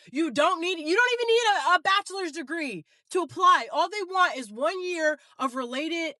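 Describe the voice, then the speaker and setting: Super high bright-voiced woman cussing and venting, dry close sound. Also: no echo. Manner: furious, profane, venting. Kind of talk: casual rant to camera.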